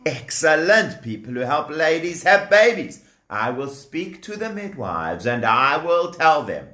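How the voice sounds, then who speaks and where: A man narrating a children's story in an animated way, asking the young listeners questions. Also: on the high side, unhurried, few pauses. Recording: echoey room.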